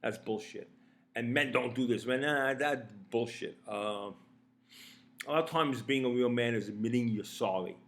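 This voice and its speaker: A man's voice: mid-range voice, moderate pace, fairly bright tone. A man talking to camera in a rambling, casual monologue, blunt and profane, with frequent restarts and fillers. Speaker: vlogger.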